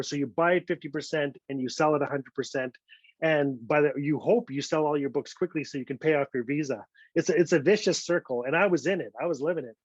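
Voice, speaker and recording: A man's voice: fairly high pitch, no echo, dull audio. A middle-aged man telling a story about his career with energy, acting out the other people's voices when he quotes them. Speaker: invited author telling a story. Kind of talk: storytelling talk.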